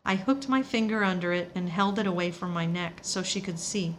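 A woman's voice: fairly low pitch, steady tone, normal speed, few pauses, slight background noise. A woman narrating a first-person audiobook story, confiding and reflective in tone.

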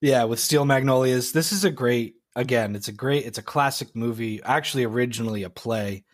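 A man's voice: medium pitch, fairly quick, no echo, clean studio sound. A man co-hosting a podcast in easygoing casual chat, swearing and laughing now and then. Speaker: podcast co-host.

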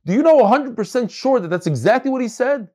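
A man's voice: extremely high pitch, expressive, quick pace, darkish tone. A man teaching a Talmud class, reading passages aloud and explaining them, often repeating words as he searches for phrasing.

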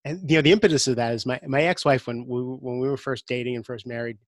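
A man's voice: mid-range voice, fairly even intonation, fast, no room sound. A middle-aged man speaking earnestly as an interview guest, often repeating words as he thinks aloud. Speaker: guest coach. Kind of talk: conversational interview.

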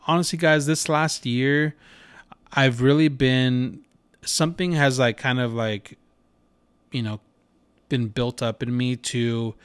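A man's voice: medium pitch, no echo. Chatty man, dry close sound. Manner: rambling, with many fillers and restarts. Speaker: podcast host. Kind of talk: casual storytelling monologue.

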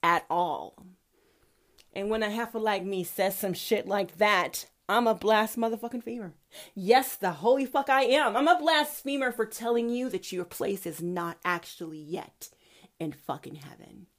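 A woman's voice: mid-range voice, lively intonation, a little slow. A woman host delivering an impassioned, profane, preachy monologue. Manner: profane, fiery preachy ranting. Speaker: podcast host.

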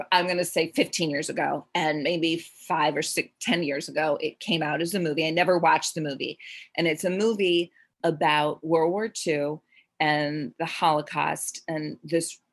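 Middle-aged woman, low voice, rambling storyteller, a medium recalling readings in casual chat. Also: breathy edge. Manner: rambling, self-interrupting, with frequent "like" and "um".

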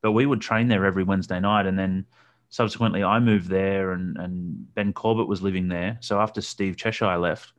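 A man hosting a casual interview, recalling details at length with many pauses and ums. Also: deep voice, steady tone, highs cut off.

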